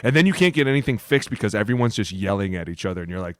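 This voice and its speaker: A man co-hosting a football podcast, telling stories in a profane, animated way. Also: on the low side, fast, hardly any pauses, no echo, studio quality. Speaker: podcast co-host, former NFL lineman. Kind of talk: casual chat.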